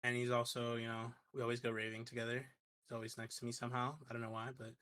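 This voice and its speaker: A young man introducing himself as a podcast guest, laid-back and joking, often trailing off quietly. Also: mid-range voice, monotone, quick pace, dry recording.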